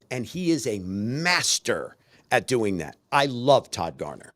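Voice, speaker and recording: Speaking at a slightly slow pace with a medium-pitched voice, a man co-hosts a relaxed podcast, animatedly recounting stories and voicing the characters he quotes. There's no echo on the recording.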